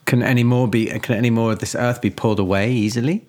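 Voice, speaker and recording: A man's voice: medium pitch, fairly even intonation, fast, a little mellow. A man playing a character in a tabletop horror game, stammering and repeating words as he thinks aloud. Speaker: player.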